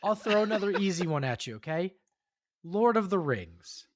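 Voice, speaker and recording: A woman's voice: on the low side, big pitch swings, moderate pace, a crowd in the background. Upbeat woman quizzing her co-hosts. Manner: upbeat, encouraging quizmaster. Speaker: podcast host running a quiz. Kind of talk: casual podcast chat.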